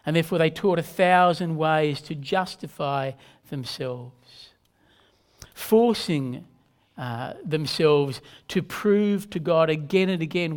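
A man, a pastor, preaching a sermon in an earnest, measured way, leaning on emphatic repetition. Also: a little high, clear, resonant tone.

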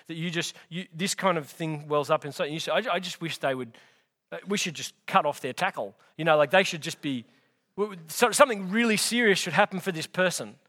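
A man's voice: a little high, a bit bright. A man preaching a sermon, teaching through a Bible letter in an emphatic, conversational way and speaking straight to his listeners.

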